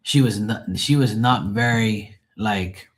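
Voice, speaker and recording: A low-voiced man chats on a live stream in a loose, rambling way. He jokes and swears freely as he talks to viewers. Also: slow pace. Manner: rambling, profane, joking. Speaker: live tarot reader and streamer. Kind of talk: casual live-stream chat.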